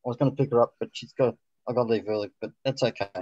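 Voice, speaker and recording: A man's voice: mid-range voice, steady tone, very fast, a little mellow, no room sound, muffled recording. A man introducing his work on a video call, hesitant and full of ums. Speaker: meetup attendee introducing his business. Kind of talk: casual self-introduction.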